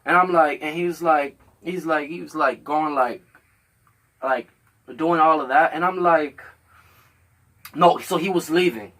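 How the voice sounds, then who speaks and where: A man hosting a podcast, telling a story in casual chat, animated and profane, acting out both sides of a quarrel. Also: a little high, measured pace, long pauses. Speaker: podcast host.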